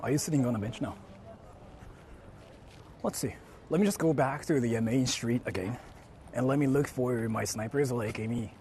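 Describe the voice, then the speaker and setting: Speaking at a moderate pace with frequent pauses, a young man with a mid-range, slightly mellow voice rambles through an outdoor street live stream, reading chat aloud and saying "like" constantly. His portable streaming mic catches slight background noise.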